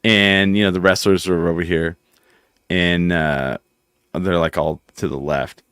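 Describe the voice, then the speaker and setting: A man from near West Texas hosting a casual podcast, animated and quick to slip into voices while telling stories. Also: low-pitched, clear, resonant tone, no room sound, clean studio sound. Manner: animated, jumps into voices and impressions. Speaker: podcast host. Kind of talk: casual chat.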